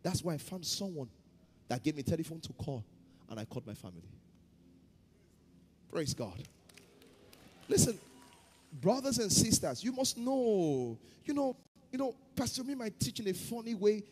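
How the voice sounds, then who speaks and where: A man preaching a sermon as pastor, shifting between loud chanted prayer and quiet storytelling. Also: sits high, lively intonation, moderate pace, long pauses, big-room sound, a little hiss or hum. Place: church hall.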